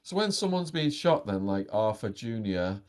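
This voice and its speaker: A man's voice: fairly low pitch, big pitch swings, normal speed, darkish tone. A man hosting an interview, asking direct and curious questions. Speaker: interviewer, podcast host.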